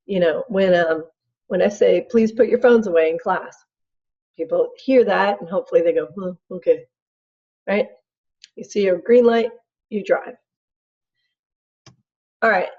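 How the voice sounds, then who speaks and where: Give me a casual middle-aged woman lecturer with a husky voice on a dull recording. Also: medium pitch, unhurried, long pauses. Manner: casual, chatty, acts out examples. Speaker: instructor.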